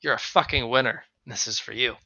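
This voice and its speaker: A man's voice: mid-range voice, fairly quick, no room sound, dull audio. A man running a tabletop game as game master, narrating and swearing freely. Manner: animated, swearing, shouts out players' lines.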